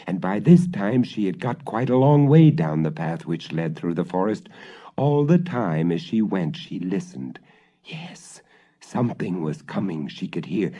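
Brief: dramatic male storyteller, slow and expressive, warm low tone, lo-fi. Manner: theatrical, slow, relishing. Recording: dull lo-fi old recording.

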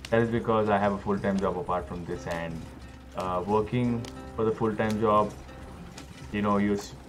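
A man's voice: on the low side, steady tone, music in the background. A man with an Indian accent giving casual, rambling gameplay commentary over game audio. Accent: Indian English. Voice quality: slow, rambling, many fillers. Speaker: gaming commentator.

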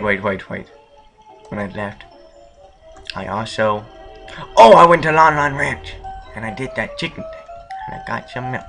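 A man's voice: on the low side, sharp tone. A young man casually commenting on a video game he is playing, goofy and jokey, talking back to the characters. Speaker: let's play gamer. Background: game music.

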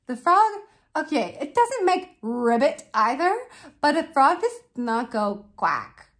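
A woman's voice: sits high, slow. Amused, laughing woman vlogger. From Canada. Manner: amused, laughs often, animated. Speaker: vlogger and parent. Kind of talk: casual reaction commentary.

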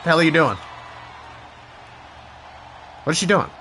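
A woman playing a video game and narrating, with loud reactive exclamations, swearing and laughter. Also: low-pitched, expressive, unhurried, a little hiss or hum. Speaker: gaming channel host. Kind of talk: let's-play commentary.

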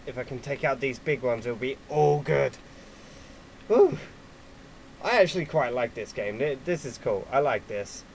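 A man giving casual gameplay commentary at his computer, excitable and quick to swear at opponents. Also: mid-range voice, vocal fry, slight background noise, rough recording. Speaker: gaming YouTuber.

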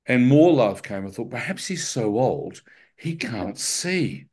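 A man's voice: medium pitch, very animated, takes it slowly, darkish tone, slightly rough. A man sharing his personal testimony with a live church audience, telling it vividly and with self-mocking humor.

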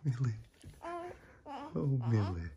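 A woman filming her dog and baby at home, talking in soft cooing baby talk and frequent whispers. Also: rumbling low, lively intonation, slow pace, highs cut off, background noise. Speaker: dog owner and new mother filming at home. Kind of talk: casual home video commentary. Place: home room.

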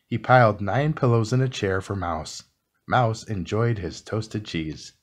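A man reading a classic children's book aloud in a calm, soothing bedtime style. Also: fairly low pitch. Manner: slow, soothing, expressive reading. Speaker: storybook reader.

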